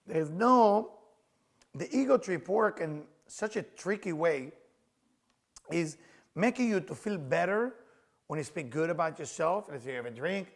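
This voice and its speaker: A man who is a rabbi and teacher, leading a group through an interactive workshop lesson as an animated storyteller who laughs often. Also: on the high side, measured pace, gravelly. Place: class or workshop room with a group.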